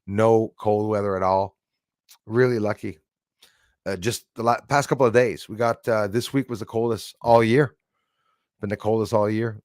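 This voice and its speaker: A man's voice: on the low side, steady tone, moderate pace, a little mellow, no echo, clean studio sound. Man rambling on a home live stream. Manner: rambling, greets viewers by name, swears casually. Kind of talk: casual live-stream chat with viewers. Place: old house at home. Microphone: desk microphone.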